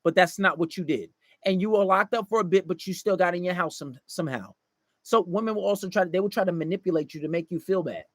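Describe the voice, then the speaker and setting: A man's voice: high voice, fast, no echo. A man giving dating advice in a casual livestream monologue, blunt and profane, lecturing and acting out quoted voices.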